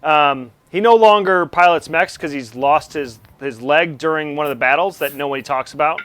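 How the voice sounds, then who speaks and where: A man's voice: fairly high pitch, moderate pace, fairly bright tone, dry recording. A man running a tabletop game as game master, narrating in a rambling way with lots of fillers.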